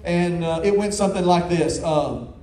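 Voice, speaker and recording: A man with a high voice preaching to a congregation in a big, echoey hall. He tells stories in a folksy, animated way, often stumbling over and repeating his words. A faint room ambience sits under his voice. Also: normal speed, a little hiss or hum. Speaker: pastor. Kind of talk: sermon. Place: large church hall.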